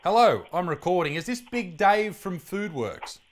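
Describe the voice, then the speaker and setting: An Australian comedian hosts a reaction video in a fairly high voice. He mocks what he watches with theatrical, profane put-downs. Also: very animated, moderate pace, slight background noise. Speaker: comedian and host.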